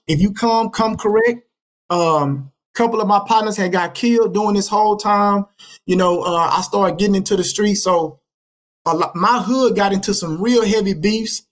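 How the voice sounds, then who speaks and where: A man's voice: sits high, normal speed. Middle-aged dallas guy on a podcast, talks street slang, repeats himself and restarts a lot. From Dallas, Texas. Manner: slangy, repetitive street storytelling with many restarts. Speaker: podcast guest. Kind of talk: telling his life story in a casual interview.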